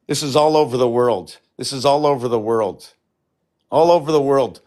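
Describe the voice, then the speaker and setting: A man hosting a live stream alone, talking in a meandering, excitable way and often losing his own thread. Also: mid-range voice, normal speed. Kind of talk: rambling solo livestream talk.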